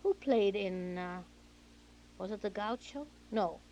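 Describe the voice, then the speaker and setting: A woman's voice: medium pitch, slow, lo-fi sound, slight background noise. Older woman with a youthful voice. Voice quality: youthful-sounding voice. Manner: animated storytelling, acts out remembered dialogue. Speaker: interview guest, film actress. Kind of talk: reminiscing interview.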